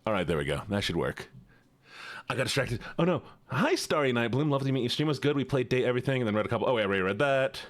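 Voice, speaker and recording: A man streaming live, chatting with viewers in an excitable, chatty way and greeting and thanking them. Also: medium pitch, very fast. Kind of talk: casual livestream chat.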